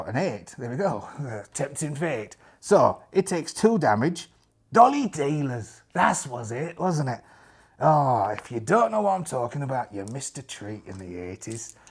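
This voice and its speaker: A man's voice: medium pitch, slightly rough. A man narrating a solo tabletop game with chatty, self-mocking asides.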